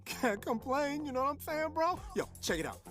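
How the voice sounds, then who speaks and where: A woman's voice: high-pitched, sing-song, moderate pace. A woman voicing a boastful, upbeat young streetwise man in slangy, swaggering speech on a voice acting demo reel. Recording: demo reel over loud background music.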